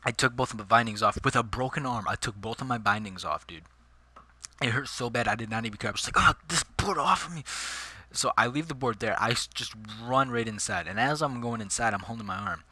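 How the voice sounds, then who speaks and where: Bright-voiced slangy guy telling a story. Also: fairly low pitch, fast. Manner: slangy, chatty, calls listeners dude and bro. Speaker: vlogger. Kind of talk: casual storytelling.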